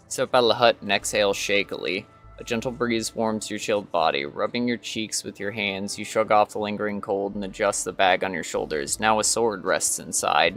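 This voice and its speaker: Low-voiced man reading a game quest. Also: fairly bright tone. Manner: reads second-person story text, with hesitant fillers. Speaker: streamer.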